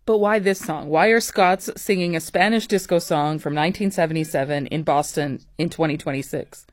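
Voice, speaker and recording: Woman radio host, curious and friendly, a bit low-pitched, dry close mic. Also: fairly even intonation, fairly quick, no room sound. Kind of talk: radio interview.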